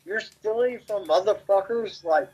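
Husky, high-voiced man. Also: unhurried, highs cut off. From Memphis, Tennessee. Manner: profane, rambling, animated. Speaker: podcast guest. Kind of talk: casual storytelling.

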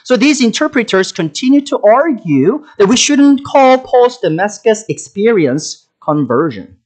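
A man's voice: high voice, very animated, measured pace, darkish tone, poor audio. A man preaching a sermon, talking with many fillers and restarts. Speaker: pastor.

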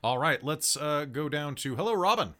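Bright-voiced joking game master. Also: mid-range voice, animated. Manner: joking, loose, quick banter. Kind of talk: casual chat before a tabletop game.

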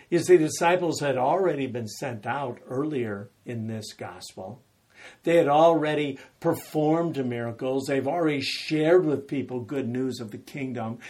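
Male preacher, unhurried, slightly husky, animated storytelling sermon. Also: mid-range voice. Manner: animated storytelling, acting out quotes with rising intensity.

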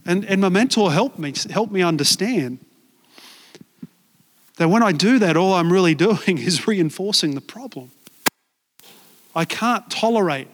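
A man's voice: high-pitched, a bit bright, long reverb tail. A male pastor giving a sermon in a church, earnest and conversational, often repeating words as he searches for them.

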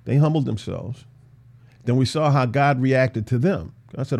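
A man teaching through a Bible passage in a casual, animated way, acting out the characters' lines. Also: medium pitch, moderate pace. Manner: animated, voices biblical characters, laughs often.

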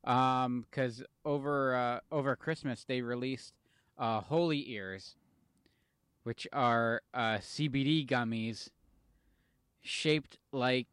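A man co-hosts a podcast in easy, casual chat. His voice is smooth and clear, and he tells stories with a chatty, profane looseness. The recording is dry, with no room sound. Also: mid-range voice, takes it slowly, fairly bright tone, no echo. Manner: chatty, laughing, swears casually. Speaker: podcast co-host.

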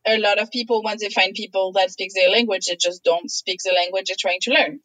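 A woman's voice: mid-range voice, fairly even intonation, a little fast, a bit bright, no echo, low-quality recording. A woman whose first language is French, chatting as a guest and telling stories with frequent laughter. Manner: chatty storyteller, laughs often. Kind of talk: casual conversation.

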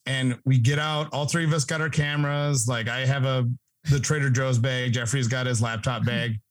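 A man's voice: medium pitch, moderate pace, no room sound. A man co-hosting a podcast, telling a prank story in casual chat and acting out what others said. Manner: animated, acts out quotes of others. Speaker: podcast co-host.

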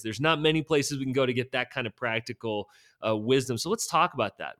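A man's voice: mid-range voice, a bit bright. A man hosting a podcast interview, chatty and asking practical questions. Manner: conversational, asks practical questions. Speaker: podcast host.

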